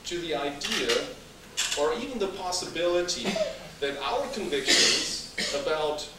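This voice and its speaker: A man gives a public lecture, stressing his points in a measured way. His voice is high and animated. It is recorded from far off in a very echoey hall with steady noise behind. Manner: measured, emphatic.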